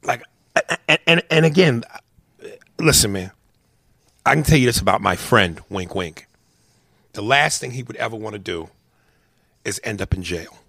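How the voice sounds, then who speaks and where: A man telling a story as a heated, profane rant, swinging between loud outbursts and low muttered asides. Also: expressive, normal speed, gravelly, pauses often, no room sound, clean studio sound.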